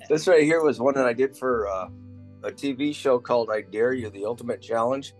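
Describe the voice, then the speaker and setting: A man's voice: medium pitch, normal speed, a little mellow, faint music behind. A man in his sixties, a retired motorcycle stunt rider, casually reminiscing in a folksy storytelling way. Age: 60s. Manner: folksy storyteller, laughs at his own tales.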